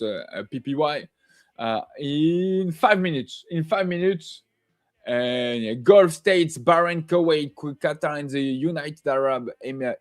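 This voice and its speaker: High-voiced man rambling over market charts. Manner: rambling, self-correcting, humming "ta ta ta" while watching charts. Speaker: live trading show host. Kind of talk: casual live-stream market commentary.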